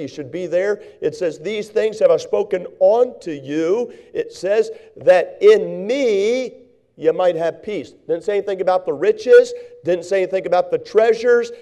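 A man's voice: high voice, dark tone. A man preaching a sermon to his church, building up with repeated phrases. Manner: repetitive preaching cadence, rising in fervor. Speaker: pastor.

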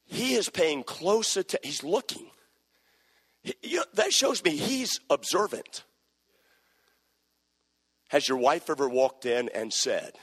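A male pastor preaching to his church with a husky, slightly higher voice. He moves between quiet confiding stretches and loud shouted passages. The sound rings with the long reverb of a church hall. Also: sing-song, slow pace, pauses often. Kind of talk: sermon.

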